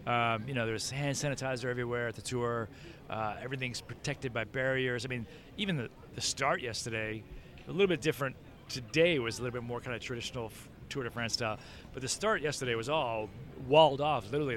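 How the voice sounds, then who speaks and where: A man's voice: mid-range voice, a bit bright. Rambling male journalist hosting outdoors. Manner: rambling, many fillers, asks questions. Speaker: host, print journalist. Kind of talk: casual interview chat.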